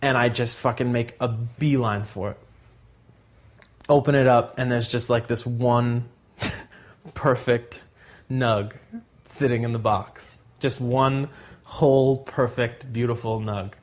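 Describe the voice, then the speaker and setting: A man's voice: medium pitch, takes it slowly, pauses often. A young man casually telling a long story, rambling with constant fillers and acting out the people he quotes. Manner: rambling, heavy use of "like", animated quoting. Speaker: podcast co-host.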